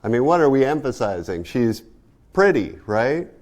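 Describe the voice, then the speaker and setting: A man lecturing a class in a loose, conversational way. His voice sits at a middle pitch. He keeps asking his students rhetorical questions. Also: very animated, normal speed, darkish tone. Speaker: art history lecturer.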